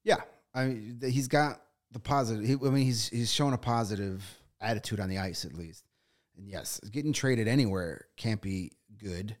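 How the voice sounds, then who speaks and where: A man co-hosting a casual sports podcast. His voice runs a little low, and he teases himself and the others in easy banter. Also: moderate pace. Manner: joking, self-deprecating banter.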